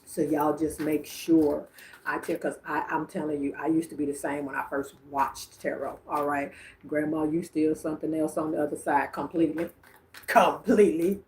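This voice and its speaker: A woman's voice: low-pitched, flat delivery, moderate pace, a little mellow, slight background noise. A woman reading messages for viewers on a livestream, chatting and calling them by name. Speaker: psychic medium on a livestream.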